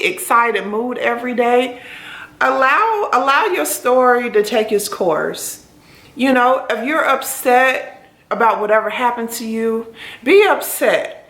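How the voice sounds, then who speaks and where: A woman's voice: fairly high pitch, sharp tone. A young woman, a burn survivor, talking earnestly and encouragingly to camera and acting out the dialogue she recalls. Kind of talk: heartfelt motivational talk to camera. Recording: echoey room.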